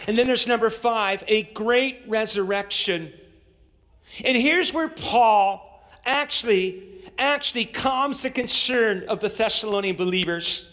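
A pastor preaching a sermon to a church congregation, walking through scripture and building to emphatic, raised-voice exhortation. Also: male voice, high voice, takes it slowly, pauses often, pushed and bright. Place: church with in-person and online audience.

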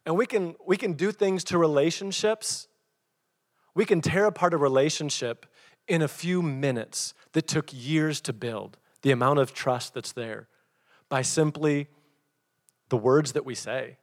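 A man's voice: a little high, measured pace, long reverb tail. A middle-aged man preaching a sermon as pastor, telling stories and acting out what people said. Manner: storytelling, animated, acts out quotes.

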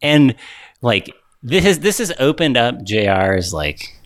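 A man's voice: medium pitch, slow pace, no room sound, studio quality. A man co-hosting a podcast in casual chat, rambling loosely with lots of fillers. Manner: relaxed, rambling with many fillers. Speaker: podcast co-host.

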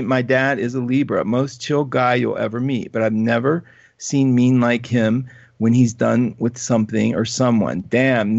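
A man hosting a live astrology talk show, reading viewer comments in an animated, chatty way and laughing often. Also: medium pitch, creaky, no echo, lo-fi sound.

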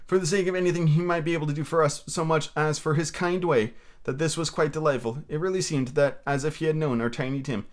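A man doing a higher, gentle Victorian father. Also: fairly even intonation, quick pace, lightly acted. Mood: warm. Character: gentle grieving Victorian father, Bob Cratchit.

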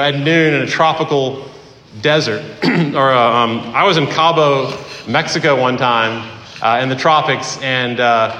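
A man preaching a sermon as pastor in a conversational way, with fillers and pauses. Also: a little high, sharp tone, a little hiss or hum. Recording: echoey hall.

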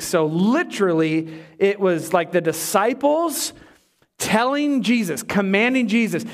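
A pastor delivering a sermon, emphatic and animated, with humorous asides to the congregation. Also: male voice, high voice, measured pace.

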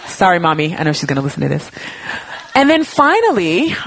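A woman preaches with a husky, slightly breathy voice, animated and heartfelt. She acts out her own side and God's replies. The sound is close and dry. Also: fairly low pitch, fairly quick, no echo. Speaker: pastor. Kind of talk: sermon.

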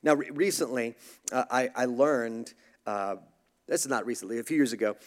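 Here a man speaks at medium pitch and normal speed as a pastor giving a sermon. He keeps it conversational and casual, with self-deprecating humor and impressions of others' voices as he tells stories.

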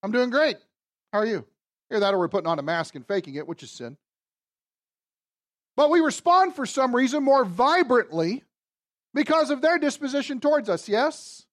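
A man preaching a sermon to a congregation, moving between loud emphatic lines and quiet asides. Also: extremely high pitch, big pitch swings, moderate pace. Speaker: pastor. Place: church.

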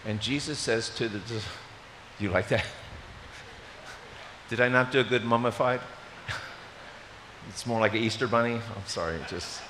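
A middle-aged man from Maryland preaching a sermon, an animated storyteller who tosses in joking asides. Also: lowish voice, brisk. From Maryland, USA. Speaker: pastor. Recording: reverberant hall, faint hiss.

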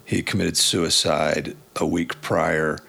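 Very deep, gravelly, husky-voiced host. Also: male voice, flat delivery, slow, a bit bright. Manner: reflective, follows up on the guest's points. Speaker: podcast host. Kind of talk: conversational interviewing.

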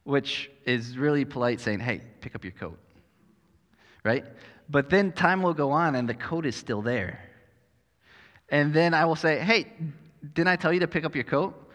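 A man's voice: fairly high pitch, lively intonation, normal speed, a bit bright, in a large hall. A man preaching a sermon as pastor, conversational and self-deprecating with touches of humor.

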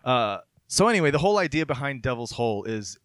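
A man's voice: mid-range voice, big pitch swings, quick pace, fairly bright tone, no echo. Man telling a legend, casual and dry. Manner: loose, conversational storytelling that drifts into reading aloud. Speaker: podcast host telling a local legend. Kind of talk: casual storytelling chat.

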